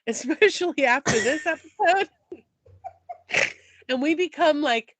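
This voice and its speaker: A woman's voice: sits high, expressive, a little slow, background noise. A woman co-hosting a podcast in casual chat, playful and teasing, with lots of "like". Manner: playful, teasing, says "like" a lot. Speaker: podcast co-host.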